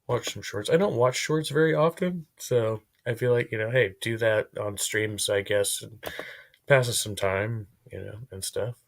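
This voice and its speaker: A man's voice: lowish voice, unhurried, creaky. A man live-streaming, chatting casually in a rambling way and swearing freely.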